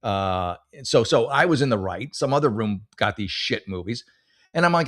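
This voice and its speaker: A middle-aged man hosts a comedy podcast in a sing-song, slightly bright, medium-pitched voice, talking a little fast. He tells rambling, expletive-laden stories and keeps starting over, all as a casual comedic monologue.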